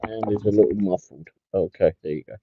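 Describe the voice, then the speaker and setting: A man's voice: fairly low pitch, brisk, a little hiss or hum. A man hosting a casual livestream, reading out viewer comments and chatting in a rambling way with lots of fillers. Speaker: livestream host. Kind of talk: casual live-stream chat, reading viewer comments aloud. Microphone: headphone mic. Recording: tinny phone-like sound.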